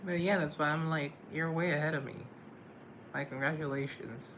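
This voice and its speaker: A man's voice: on the high side, fairly even intonation, normal speed, noisy background. A man chatting casually on a live stream, self-deprecating and playfully sarcastic.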